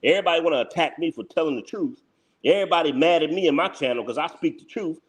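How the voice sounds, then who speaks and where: A male channel host delivers live reaction commentary in a blunt, heated way. His fairly high voice swings widely in pitch, and he keeps repeating his points. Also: animated, fast. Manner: blunt, heated, repetitive, breaks into laughs.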